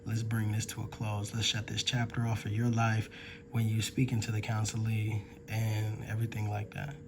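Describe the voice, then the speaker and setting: An earnest man talks through a chapter review in a level, even voice and keeps to one tone. He is a ministry student who speaks informally and reflectively, with fillers and restarts. A faint hiss sits under the recording. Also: lowish voice, moderate pace.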